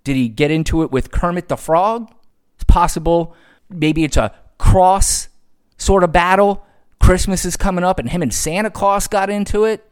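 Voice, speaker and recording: A man's voice: sits high, moderate pace, smooth. A man hosting a solo podcast, ranting sarcastically with frequent profanity. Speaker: podcast host.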